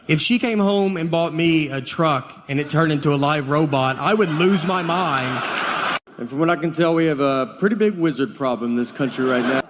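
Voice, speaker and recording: A man performing a stand-up comedy set, telling stories in a slow deadpan way with hesitant pauses. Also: on the high side. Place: live comedy venue with audience. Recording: live show with audience laughter and background noise.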